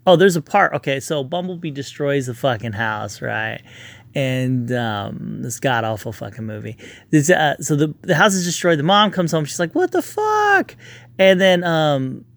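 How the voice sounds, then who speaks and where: A man's voice: medium pitch, gravelly, dry recording. A man in a casual, profane, rambling rant reviewing a movie, sounding exasperated.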